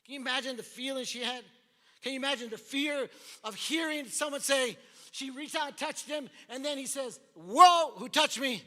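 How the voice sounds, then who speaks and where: A pastor preaches with a strikingly high, bright voice. He is animated and acts out the figures from the scripture story. His voice rings with the long reverb of a large church hall. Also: brisk. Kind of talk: sermon.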